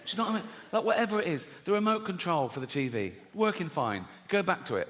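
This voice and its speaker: A man's voice: sits high, very animated, quick pace, a bit bright. A middle-aged man doing a sweary stand-up routine, telling stories with constant "right?" tag questions. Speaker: stand-up comedian. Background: audience laughter.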